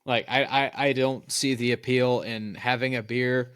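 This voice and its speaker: A man's voice: medium pitch, level tone, moderate pace, fairly bright tone, clean tone, no room sound, studio quality. A man co-hosting a podcast in casual chat, an opinionated storyteller who laughs at his own tales. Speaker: podcast co-host.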